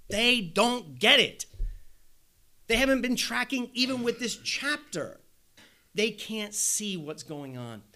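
A male preacher delivering a sermon in a high, bright voice that swings widely in pitch. He leans on rhetorical questions and dramatizes the lines he quotes. His delivery is lively and full of emphasis. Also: slow. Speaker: pastor.

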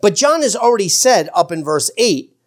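A man preaching a sermon as pastor, earnest, slowing for emphasis and stumbling over restarts. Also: high voice, very animated. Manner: shifts from slow emphatic phrases to quick asides.

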